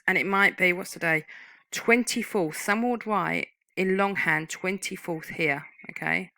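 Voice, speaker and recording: A woman's voice: on the low side, bright, forceful tone, dry recording, rough recording. A woman giving a screen-recorded typing lesson, patiently explaining each term and step. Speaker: typing tutor.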